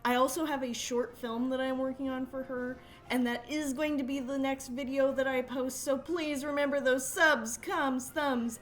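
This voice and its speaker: A woman's voice: sits high, fairly even intonation, moderate pace, few pauses. A young woman chatting casually as she works, giggling and poking fun at herself. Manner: chatty, self-deprecating, giggly asides. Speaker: cosplay vlogger. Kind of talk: casual tutorial narration.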